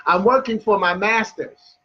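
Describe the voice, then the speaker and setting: A man voicing a cool-headed, proud mother of four who speaks deliberately and stresses her words. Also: high-pitched, dull audio, a little hiss or hum, voice pushed up. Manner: calm, deliberate, emphatic.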